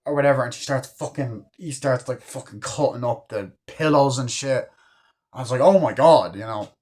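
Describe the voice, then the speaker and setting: Male fan reviewer, casual and excitable, rambly delivery, swears a lot. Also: mid-range voice, moderate pace. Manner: rambling, profane, lots of fillers like "you know" and "like"; enthusiastic fan. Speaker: movie reviewer. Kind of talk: casual spoken film review.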